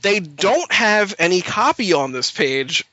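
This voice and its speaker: A man hosting a casual podcast about comics, animated and quick to laugh. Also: high-pitched, no echo, lo-fi sound. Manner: animated, laughs often, does quick voices in anecdotes. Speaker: podcast host.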